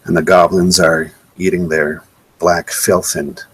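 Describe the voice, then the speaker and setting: A man's voice: sits low, flat delivery, a little slow, breathy edge, no echo, rough recording. A man giving a live webcast slideshow talk in an indignant, sarcastic way, often repeating himself. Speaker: presenter.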